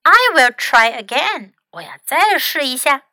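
A woman's voice: high voice, animated, a little slow, bright, forceful tone, dry recording, heavily acted. A woman voicing a brave, eager young animal in a bilingual storybook reading.

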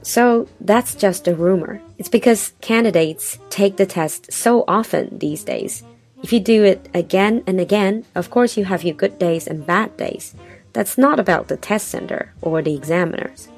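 A woman's voice: medium pitch, moderate pace, darkish tone, soft background music. A woman hosting, recapping and explaining points for listeners in a talk show style. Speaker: host. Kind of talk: bilingual radio talk.

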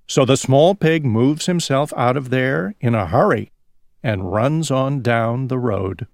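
A man reading a picture book aloud in a slow, expressive storytelling manner. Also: medium pitch, vocal fry, dry recording, studio quality.

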